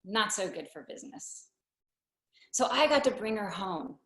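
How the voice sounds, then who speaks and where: A woman telling a personal story live on stage, unhurried and wry, with deadpan asides. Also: medium pitch. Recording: roomy hall echo.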